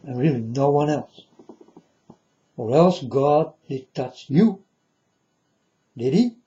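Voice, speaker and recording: A man's voice: mid-range voice, lively intonation, slow pace, warm tone, lo-fi sound. A man speaking as a self-styled prophet in a rambling monologue to his viewers. He is solemn and repetitive and keeps addressing them as folks.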